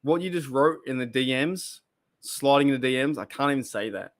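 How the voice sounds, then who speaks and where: A man's voice: medium pitch, lively intonation, brisk. A man hosting a casual live stream, chatting and reacting to viewer comments, often repeating himself and exclaiming. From Australia. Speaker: podcast host reading live chat.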